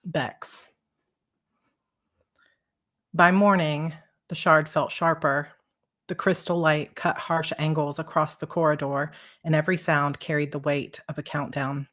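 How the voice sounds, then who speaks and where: A woman author chatting with her audience, bubbly and excitable with quick restarts, then reading her own novel aloud live. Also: low-pitched.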